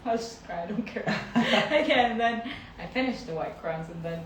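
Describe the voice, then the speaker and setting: A woman pediatric dentist chatting casually with a colleague, animated and laughing often as she acts out her young patients. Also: lowish voice, brisk, a little hiss or hum. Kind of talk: casual chat. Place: dental clinic. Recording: echoey room, far from the mic.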